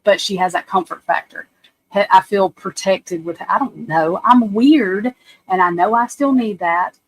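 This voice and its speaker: A woman in her 40s with a drawl hosts a livestream, speaking unhurriedly in a mid-range voice over poor audio. She chats loosely, rambling from story to story, blunt and profane, and keeps turning to her viewers.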